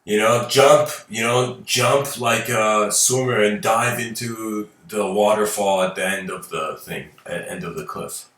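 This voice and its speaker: A man voicing a calm, quiet general in a story, speaking offhand and steady. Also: lowish voice, unhurried, few pauses, very echoey, far from the mic.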